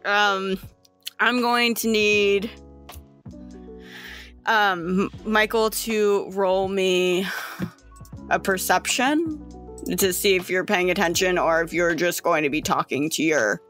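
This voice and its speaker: A woman runs a tabletop game as its narrator, laughing easily as she describes the scene. Her voice is bright and clear. Faint music plays underneath. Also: medium pitch, slow, long pauses. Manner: giggly, loose and conversational. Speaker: game master.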